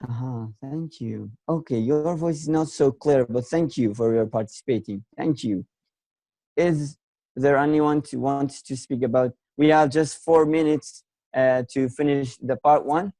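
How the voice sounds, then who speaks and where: A man's voice: medium pitch, measured pace, dark tone, no echo, poor audio. Encouraging male teacher online. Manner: encouraging, repeats words while searching for them. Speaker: English teacher hosting an online class. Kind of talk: online lesson.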